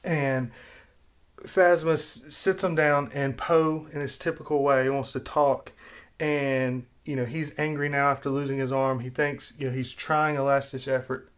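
A man casually talking through his own rewrite of a film plot, opinionated and rambling, getting animated when he criticizes. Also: mid-range voice, measured pace, clear, resonant tone. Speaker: film commentator.

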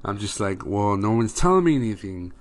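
A man's voice: lowish voice, sing-song, brisk. A young man, a father, telling casual rambling stories about his daughter as a podcast host, full of fillers. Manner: rambling, many fillers like "you know". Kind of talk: casual storytelling monologue.

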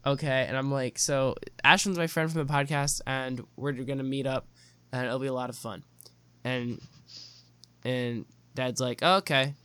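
Young male podcast host, rambling teasing banter, sharp bright tone, dry close sound. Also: medium pitch, steady tone, moderate pace, smooth, no room sound. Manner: playful teasing, rambling with restarts. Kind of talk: casual podcast chat.

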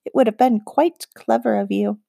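A woman voicing a cool, wry shapeshifting witch of the forest, speaking in a dry, teasing, unhurried way. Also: a little high, creaky, dark tone, no echo. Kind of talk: audiobook character voice.

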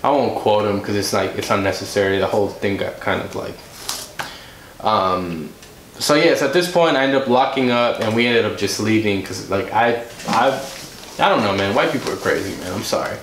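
A man's voice: fairly low pitch, moderate pace. A man, a podcast guest, telling a story in a casual way and acting out the voices of the people in it. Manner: animated, acts out quoted dialogue. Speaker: podcast guest, music director and producer. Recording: roomy room, faint noise.

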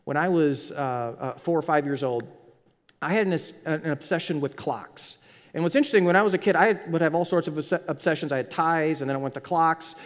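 A pastor with a slightly high voice preaches a sermon at a brisk pace. He tells stories animatedly, often restarting his words, and the recording carries a long hall reverb.

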